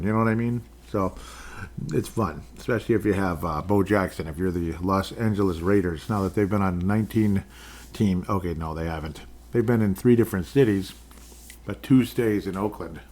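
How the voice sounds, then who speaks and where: Low-voiced man riffing on football scores. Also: darkish tone, breathy edge. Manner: rambling, jokey, sarcastic asides. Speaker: podcast host. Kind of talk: casual sports commentary.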